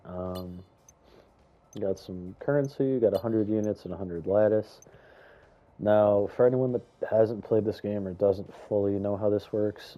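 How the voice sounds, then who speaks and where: A young man giving casual, rambling commentary on a video game, chatty and excitable, with lots of fillers and some stuttering. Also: on the low side, lo-fi sound. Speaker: gaming YouTuber.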